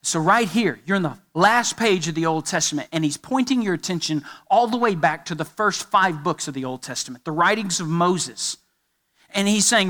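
A man's voice: high voice, moderate pace, pushed and bright. A man preaching a sermon as pastor, emphatic and building with repeated phrases.

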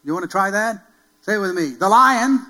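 Bright-voiced emphatic male pastor preaching. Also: high-pitched, fast talker, rough recording. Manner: emphatic, repeats key phrases, builds to loud calls; rhetorical questions to the congregation. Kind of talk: sermon.

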